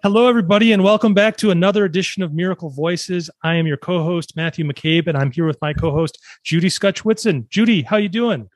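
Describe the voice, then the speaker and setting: A man's voice: high-pitched, brisk, few pauses, no echo, faint music behind. A man co-hosting a podcast, reading a scripted intro and then chatting with guests in an upbeat, jokey way. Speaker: podcast co-host. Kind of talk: scripted intro then friendly interview chat.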